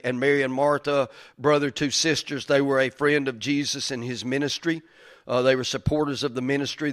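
Folksy man preaching a sermon. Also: mid-range voice. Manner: folksy and conversational, building to loud emphatic stretches. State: stuffy from crying. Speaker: pastor.

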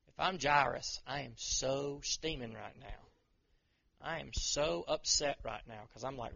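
Gravelly bright-voiced man preaching. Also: mid-range voice, measured pace, dull audio. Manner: conversational preaching, acts out inner voices. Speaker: pastor. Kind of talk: sermon.

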